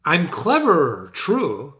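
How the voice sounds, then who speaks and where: A man in his sixties giving a literature lesson, asking his listeners many questions and reading quotes slowly. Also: a little high, wildly swooping pitch, bright, forceful tone. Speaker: literature teacher. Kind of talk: lively literature lecture.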